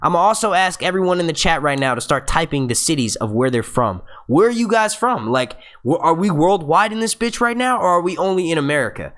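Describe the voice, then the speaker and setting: A man's voice: on the high side, expressive, brisk, few pauses, fairly bright tone. A young man hosting a casual live stream, profane and hyped, stuttering and restarting often as he urges viewers on. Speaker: livestream host.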